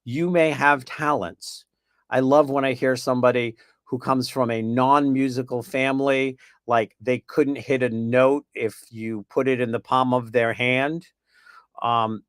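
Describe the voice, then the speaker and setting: A man's voice: mid-range voice, fairly even intonation, a little slow, clean tone, no room sound. A man hosting a spiritual panel on a video call, talking in a chatty, meandering way with playful asides, and losing his voice. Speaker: panel host.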